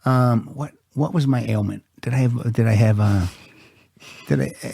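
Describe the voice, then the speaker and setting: A man hosting a podcast, telling a story in a lively, laughing way. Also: mid-range voice, moderate pace, creaky, slightly rough, no room sound, studio quality. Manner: animated storyteller, laughs often. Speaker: podcast host. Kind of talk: casual podcast chat.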